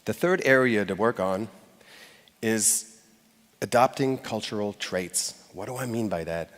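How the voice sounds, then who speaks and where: A man with a lowish, expressive voice gives a conversational conference talk on stage, addressing a live audience directly at a measured pace. The recording carries long hall reverb.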